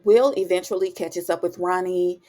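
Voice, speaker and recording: A woman giving a chatty, animated episode recap in casual talk, dropping in words like honey and baby. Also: on the low side, normal speed. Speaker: TV recap vlogger.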